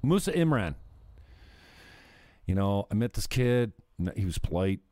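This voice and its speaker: A man's voice: lowish voice, sing-song, a little slow, dark tone, no room sound, clean studio sound. A man ranting bluntly on a livestream, swearing and mocking people as he chats. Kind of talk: profane ranting chat.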